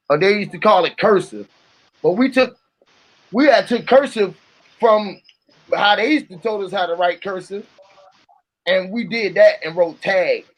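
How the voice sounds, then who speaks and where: The audio is poor, but the voice is clearly a man's, a little high in pitch. He's a vlogger chatting to camera, profane and reflective, letting the talk wander wherever it goes.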